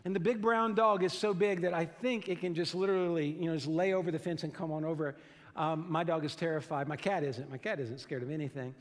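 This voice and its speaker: Pastor, male, high voice, earnest emphatic preacher, stresses key lines slowly, long reverb in a church sanctuary. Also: steady tone. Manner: earnest, emphatic preaching with slow stressed phrases and frequent repeated words. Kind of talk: sermon.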